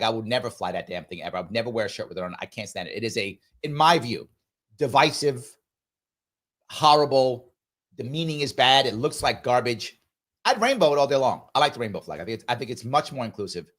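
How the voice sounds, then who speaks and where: A man hosting a live talk show, giving opinion commentary in an emphatic, preachy way with big jumps in pitch. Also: quick pace. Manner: animated, sweeping pitch jumps.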